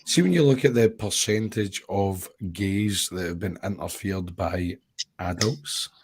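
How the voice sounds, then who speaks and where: A man's voice: low voice, unhurried, a little mellow, slight background noise. A man talking crudely in a casual stream chat, swearing often. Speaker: participant on a live stream.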